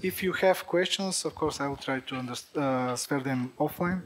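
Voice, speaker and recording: A man answering audience questions at a tech conference, halting, with many fillers and restarts, a native Bulgarian speaker. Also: medium pitch, a crowd in the background.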